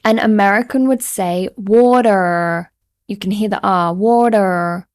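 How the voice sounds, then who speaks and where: An English woman tutoring learners straight to camera. She speaks clearly and deliberately, at a middle pitch. She slows down to model single words. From England. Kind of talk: teaching to camera.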